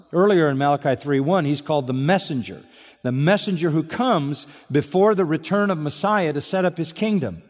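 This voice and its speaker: Male pastor, emphatic expository preaching, slightly raised pitch, long church reverb. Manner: emphatic, repetitive preaching with rhetorical questions. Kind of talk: expository sermon.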